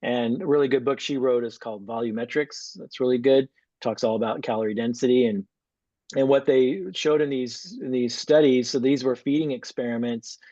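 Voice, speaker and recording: A man giving a live lecture and taking questions, relaxed, with frequent fillers. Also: medium pitch, normal speed, no room sound, muffled recording. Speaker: physician assistant lecturer.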